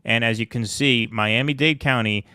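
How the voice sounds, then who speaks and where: Smooth-voiced man giving election commentary. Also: medium pitch, sharp tone, no echo, clean studio sound. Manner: analytical, brisk, joking banter. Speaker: political show host. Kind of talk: live election-night commentary.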